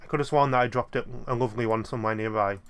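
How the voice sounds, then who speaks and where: A man's voice: mid-range voice, fairly even intonation, racing, smooth, lightly acted. A man voicing a fussy, penny-pinching old man who keeps losing coins, in a put-on Scouse accent with a folksy, rambling manner. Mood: fretful. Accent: attempted Scouse.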